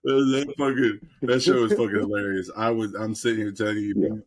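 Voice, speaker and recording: A husky, lower-voiced man tells a show's plot in loose, rambling bursts. He swears freely and keeps breaking into laughter as he goes. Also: steady tone, moderate pace. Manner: rambling, profane, laughing retelling. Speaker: podcast co-host. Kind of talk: casual chat, retelling a TV show.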